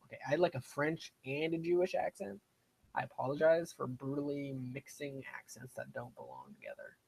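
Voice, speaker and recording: His voice sits a little high, gravelly and husky yet a little mellow, swinging widely in pitch at a brisk pace. The speaker is a young adult gaming streamer chatting casually while playing live, rambling and putting himself down.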